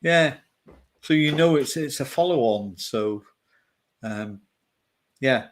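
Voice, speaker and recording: A man co-hosting a podcast, talking casually about a film in halting bursts that trail off into soft murmurs. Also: medium pitch, animated. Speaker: podcast co-host.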